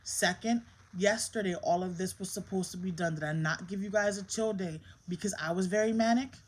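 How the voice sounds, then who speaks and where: A woman's voice: medium pitch, a little fast, low-quality recording. Stern mother talking to camera. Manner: scolding, stern and emphatic with her child. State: emotionally strained. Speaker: mother and vlogger. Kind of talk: candid vlog talk to camera.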